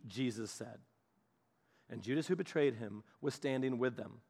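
A male preacher telling a Bible story in an animated, playful way, with asides. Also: mid-range voice, moderate pace. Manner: animated, playful, laughs at his own asides.

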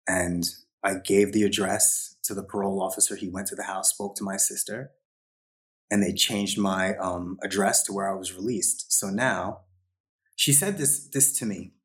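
A man with a very low, deep voice tells a personal story as a podcast guest. He talks casually and slips into short quoted lines from the people in his story. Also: steady tone, moderate pace. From New York. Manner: quotes others in short acted asides.

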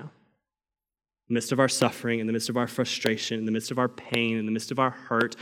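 A young man preaching a sermon as a pastor, telling a family story and sometimes shouting quoted cries. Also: mid-range voice. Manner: storytelling, rising to loud acted cries. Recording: long reverb of a large hall.

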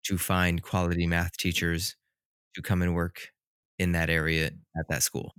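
A man's voice: deep voice, flat delivery, a little slow, a bit bright, smooth, no room sound, studio quality. A man hosting a show, asking interview questions in a friendly, teasing way.

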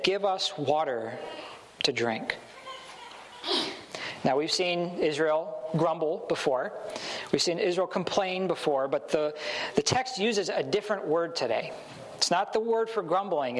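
A man's voice: on the high side, a bit bright, slight background noise, low-quality recording. Man preaching in a conversational way. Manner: conversational preaching, acts out quoted voices. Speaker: pastor. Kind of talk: sermon.

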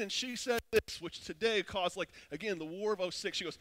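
A man in his thirties preaching a sermon, casual and animated, telling a personal story with frequent restarts. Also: high-pitched, fairly quick, hardly any pauses. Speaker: pastor.

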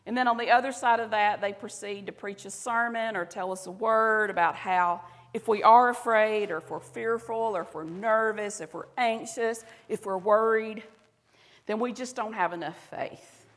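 A woman pastor with a Southern accent preaching a conversational sermon, at times dropping to a soft, intimate voice. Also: mid-range voice, moderate pace. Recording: reverberant hall.

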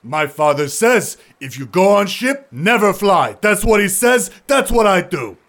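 A man's voice: high voice, very animated, measured pace, a bit bright, voice pushed up, exaggerated voice. A man voicing a stubborn, superstitious male dwarf who talks in clipped, blunt bursts.

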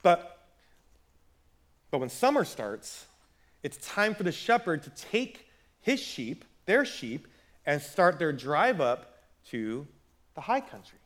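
Guy preaching a sermon, high-ish voice, casual and chatty, stumbles over repeats. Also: very animated, slow pace, long pauses, fairly bright tone. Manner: conversational, repeats words when building a point. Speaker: pastor.

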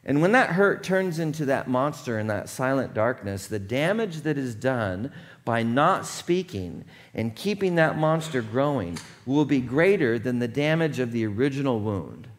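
A man preaching a sermon as pastor, conversational and often checking in with his congregation. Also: mid-range voice.

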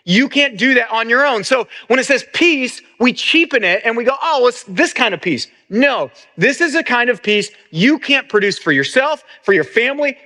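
Pastor, middle-aged man, earnest sermon delivery, high bright voice. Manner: earnest, repeats words as he restarts.

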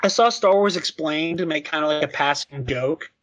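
A young man chatting casually on a podcast, telling a funny story with excitement and frequent laughter. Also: fairly high pitch, moderate pace. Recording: slightly dull lo-fi sound.

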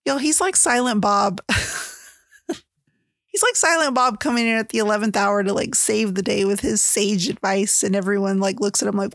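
A woman's voice: medium pitch, moderate pace, dry recording, studio quality. A woman chatting casually as a book reviewer, gushing and full of filler words. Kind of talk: casual chat.

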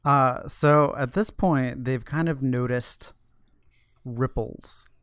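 Smooth-voiced man reading and recapping. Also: medium pitch, fairly even intonation, slow, a bit bright, no room sound, clean studio sound. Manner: paraphrases and reads passages from the book. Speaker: podcast co-host. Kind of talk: casual book discussion.

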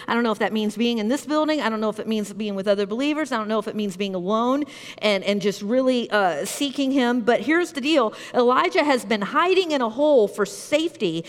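A woman pastor delivers a sermon in a church, her voice sitting high with a long reverb trailing each phrase. She talks in an earnest, conversational way, slowing down to repeat key phrases for emphasis. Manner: earnest, conversational preaching with slow emphatic repetitions. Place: church sanctuary.

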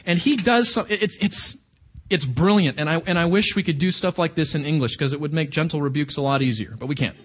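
High-voiced man preaching a sermon. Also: brisk. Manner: conversational, emphatic with rhetorical questions.

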